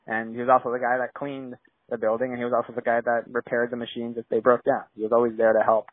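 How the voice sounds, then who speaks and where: A man's voice: mid-range voice, completely flat delivery, quick pace, no room sound. Rambling young man on a tinny line. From San Diego, US. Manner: rambling, many "like"s and restarts. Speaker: podcast guest, filmmaker. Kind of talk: casual interview chat.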